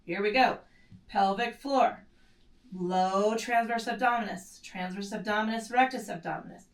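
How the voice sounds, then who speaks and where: In an echoey room, recorded from a distance, a medium-pitched woman talks at normal speed while teaching mat pilates. She performs the moves as she instructs, breathing in short strained breaths and casually correcting herself.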